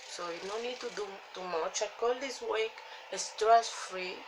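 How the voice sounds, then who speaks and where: Woman rambling slow thru a wig review, sighing and annoyed, mid pitch, noisy background. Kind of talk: casual product review. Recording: noticeable background ambience noise.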